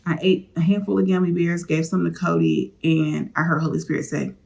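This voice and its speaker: A woman's voice: low-pitched, fairly even intonation, brisk, vocal fry, darkish tone. A woman vlogger candidly telling a personal story, confiding straight to her viewers.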